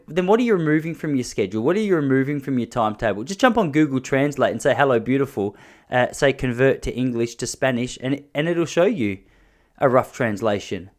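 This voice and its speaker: An Australian man in his thirties hosts a podcast and tells comic stories as a monologue. His voice sits in a mid range, and he rambles and restarts as he goes. His pitch and loudness jump suddenly between stretches of plain talk. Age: 30s. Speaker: podcast host. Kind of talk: comedic storytelling monologue.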